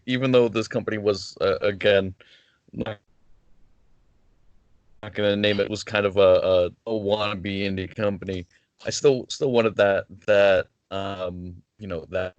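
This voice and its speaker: A man's voice: on the low side, no room sound, highs cut off. A man talking casually as a guest over a video call, hesitant with many restarts. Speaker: wrestler guest. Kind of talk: casual interview chat.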